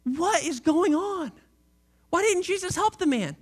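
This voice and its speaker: A pastor preaching a sermon in a casual, animated way, full of slang and playful asides. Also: extremely high pitch, a little slow. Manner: animated, conversational storytelling with slang; shifts into a quiet, reflective tone late on.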